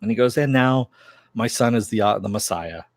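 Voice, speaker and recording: A man's voice: on the low side, moderate pace, no echo, clean studio sound. A man reviewing a TV episode, casually retelling the plot in a loose, rambling way and chuckling now and then. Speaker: TV series reviewer.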